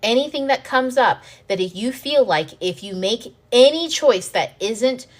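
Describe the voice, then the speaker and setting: A woman hosting a self-help video, explaining ideas in a frank, animated way, swearing freely and acting out panicked inner voices. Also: on the high side, measured pace. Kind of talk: casual teaching monologue to camera.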